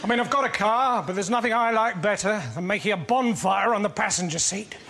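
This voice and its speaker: A male comedian delivering deadpan absurd one-liners on a panel show, taped in a noisy studio. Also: high-pitched, brisk, vocal fry.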